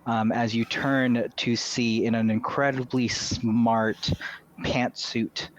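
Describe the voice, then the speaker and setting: A man's voice: medium pitch, level tone, slow, muffled recording. A man narrating as game master of a tabletop game, playful and descriptive.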